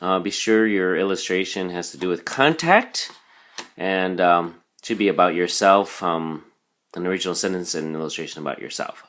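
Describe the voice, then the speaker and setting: A man's voice: deep voice, moderate pace, a bit bright. A man teaching a recorded vocabulary lesson, explaining patiently with frequent ums and "okay?" check-ins.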